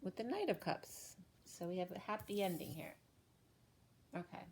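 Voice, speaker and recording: A tarot reader gives a casual card reading, thinking aloud with fillers and self-corrections. Her mid-range voice is a little mellow and a little hoarse.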